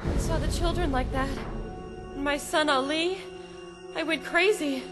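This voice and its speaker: A woman's voice: sits high, measured pace. An actress playing a desperate mother who fights to get her lost son back. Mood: remorseful. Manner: frantic pleading, then quiet confessional. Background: music score.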